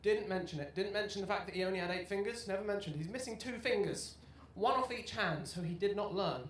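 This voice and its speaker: A young man in his twenties doing a stand-up comedy set, telling self-deprecating stories and bursting into loud shouted punchlines. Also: high-pitched, fast, a little hiss or hum. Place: comedy club stage with live audience. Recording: roomy live venue sound. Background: audience laughter.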